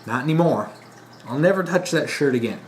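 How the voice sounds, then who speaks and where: Speaking a little fast in an expressive mid-range voice, a vlogger delivers a casual monologue over slight background noise. He rambles with frequent restarts and fillers, sounding exasperated and disappointed.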